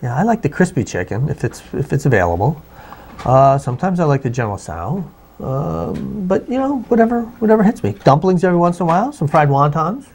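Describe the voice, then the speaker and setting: A man's voice: a little high, sing-song, fairly quick, darkish tone, slight background noise. A man co-hosting a casual chat about movies, wry and jokey in his asides. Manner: wry, jokey, slips into playful voices. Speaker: co-host of a media show.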